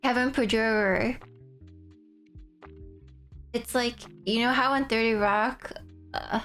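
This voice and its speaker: High-voiced giggly young woman streamer. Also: slow, faint music behind. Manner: rambling, giggly, animated storytelling. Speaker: livestreamer. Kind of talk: casual stream chat.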